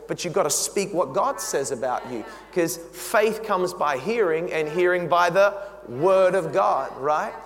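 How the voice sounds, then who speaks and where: A man preaching a sermon, emphatic and animated, talking straight to the congregation. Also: on the high side. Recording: long reverb in a big hall.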